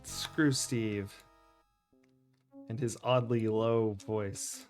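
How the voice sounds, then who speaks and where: A woman's voice: extremely low pitch, fairly even intonation, very slow, darkish tone, faint music behind. A woman streaming an old adventure game, making wry, amused remarks. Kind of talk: casual game commentary.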